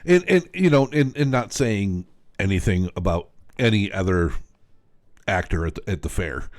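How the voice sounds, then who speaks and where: A man's voice: lowish voice, animated, normal speed, no room sound. A man co-hosting a casual podcast, easygoing and agreeable, telling anecdotes between short replies. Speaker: podcast co-host. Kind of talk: casual chat.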